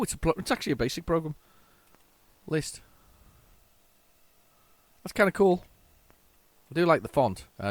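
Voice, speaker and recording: A man giving casual, excitable, self-mocking commentary while playing an old computer game. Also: mid-range voice, dry recording. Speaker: retro game tape reviewer.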